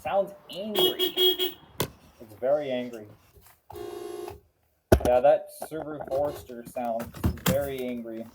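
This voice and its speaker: A man hosting a reaction video, naming car models one by one in a slow, matter-of-fact way. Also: medium pitch, fairly even intonation. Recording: clear background noise with clicks.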